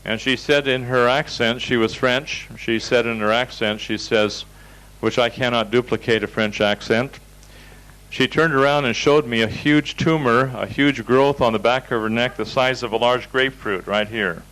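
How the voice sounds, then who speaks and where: A man's voice: medium pitch, fairly even intonation, moderate pace, a bit bright, low-quality recording. Folksy man lecturing a seminar. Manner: folksy, storytelling, direct. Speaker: seminar instructor. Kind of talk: lecture with slides and anecdotes.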